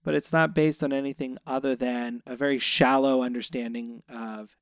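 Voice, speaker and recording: A man's voice: mid-range voice, steady tone, moderate pace, no room sound, clean studio sound. A middle-aged man from the Florida Panhandle, co-hosting a casual film discussion as a parent, talking thoughtfully and circling back with restarts. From Florida Panhandle, US South. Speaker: co-host, parent.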